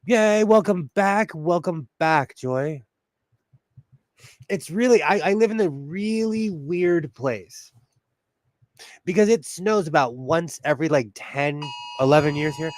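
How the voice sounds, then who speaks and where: A man's voice: fairly high pitch, lively intonation, slow pace, no room sound, studio quality. Bubbly, giggly man hosting a live stream. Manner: bubbly, laughs often, cheers "yay", greets chat viewers. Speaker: sewing livestream host. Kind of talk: casual livestream chat. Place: at home indoors.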